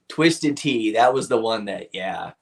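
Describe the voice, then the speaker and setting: A man's voice: lowish voice, vocal fry. A man hosting a live stream, chatting casually with viewers, rambling, laughing often and swearing freely.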